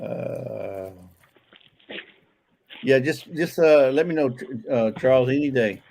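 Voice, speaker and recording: A man's voice: medium pitch, a little slow, gravelly, long pauses, darkish tone, slight background noise. A man casually chatting on a livestream, reading out viewer comments, joking, and talking with frequent restarts. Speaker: livestream co-host.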